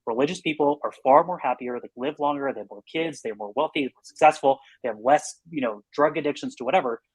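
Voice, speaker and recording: A man talking as a podcast guest in casual conversation, earnest and rambling, with lots of "like" and quick run-on bursts. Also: medium pitch, breathy edge, no room sound, poor audio.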